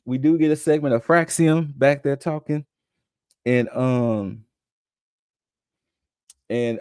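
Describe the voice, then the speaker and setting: A man's voice: mid-range voice, dark tone, no echo. Laid-back man recapping casually, dry sound. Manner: loose, conversational, acts out quotes in passing. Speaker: podcast co-host recapping wrestling.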